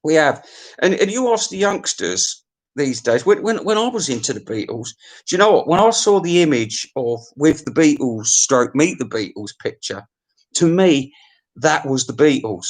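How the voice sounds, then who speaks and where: A man's voice: a little high, sing-song, moderate pace. Rambling sweary man. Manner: sweary, opinionated, full of restarts and stammers. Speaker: host of a music countdown. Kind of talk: rambling comic monologue.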